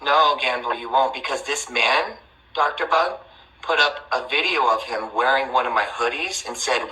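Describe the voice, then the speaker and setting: A man's voice: mid-range voice, normal speed, pushed and bright, rough recording. A man hosting a livestream, talking in a rambling, defensive way with many restarts. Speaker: livestream host. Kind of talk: casual livestream chat.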